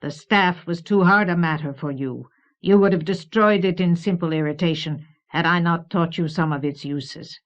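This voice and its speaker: A woman voicing a deep, resonant, commanding unseen dark power in an audiobook. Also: natural voice. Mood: commanding, menacing. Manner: slow, commanding. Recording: dull old cassette recording.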